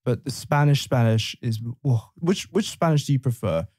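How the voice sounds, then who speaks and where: A man with a Northern English accent co-hosts a relaxed podcast chat, chatty and laughing easily. His voice is warm and mellow. The sound is dry, with no room around it. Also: medium pitch, normal speed, no echo. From England. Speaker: podcast co-host, English teacher.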